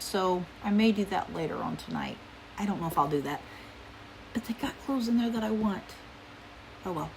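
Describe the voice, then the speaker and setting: A middle-aged woman, chatting casually through a haul video at home, rambling and goofy, sometimes talking quietly. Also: mid-range voice, slight background noise. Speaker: vlogger. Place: home room, indoors.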